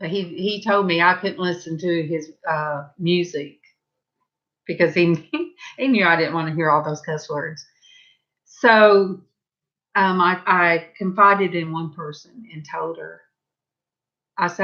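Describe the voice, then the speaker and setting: Slow-talking Southern woman, chatty vlogger. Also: lowish voice, muffled recording. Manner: rambling, chatty, lifts her voice brightly when quoting herself. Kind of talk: casual storytelling.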